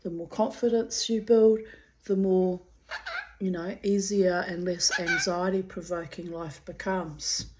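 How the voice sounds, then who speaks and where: A woman with a lowish voice talks slowly and candidly, drifting from chatting to reading her diary aloud. Her delivery is unhurried and rambling. A faint hiss of noise sits under her voice. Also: steady tone. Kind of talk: casual chat and diary reading.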